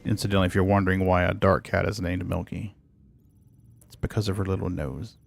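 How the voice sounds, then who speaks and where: A man's voice: low-pitched, flat delivery, brisk, creaky, slight background noise. A man streaming a space game, chatting casually as he plays and talks to his cats. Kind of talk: casual gameplay commentary.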